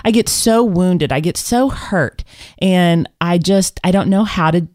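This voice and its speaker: A woman co-hosting a casual live talk show, telling stories in an animated, candid and self-reflective way. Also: lowish voice, measured pace, no room sound, studio quality. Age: adult with children. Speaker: podcast co-host. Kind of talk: casual chat.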